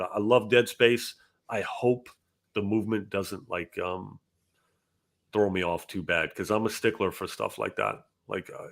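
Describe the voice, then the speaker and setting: A man hosting a casual gaming podcast and reading out viewer donations, with animated talk that jumps from loud bursts to low mutters. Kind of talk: casual chat.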